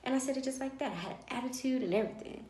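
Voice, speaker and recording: A woman vlogger telling a personal story in a lively way and acting out the dialogue of others. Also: sits high, rapid-fire, slight background noise. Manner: animated, acts out dialogue. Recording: roomy echo.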